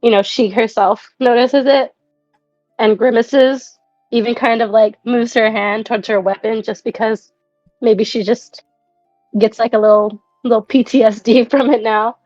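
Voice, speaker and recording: A woman's voice: a little high, fairly even intonation, a little slow, darkish tone, no room sound, soft background music. A woman player describing her character's actions in a chatty, giggly way. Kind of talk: casual tabletop play. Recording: dry, dull lo-fi mic.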